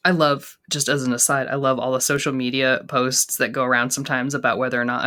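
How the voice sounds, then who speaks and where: An American woman co-hosting a podcast, chatting casually with animated, sarcastic asides as she recaps a TV episode. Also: very deep voice, quick pace, few pauses. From United States. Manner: animated, sarcastic asides, jumps between topics. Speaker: podcast co-host.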